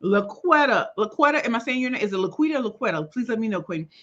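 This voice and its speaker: A woman hosting a casual livestream, greeting viewers by name in a lively, slangy way and sounding a little tired. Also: a little high, fast talker, dull audio. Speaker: livestream host.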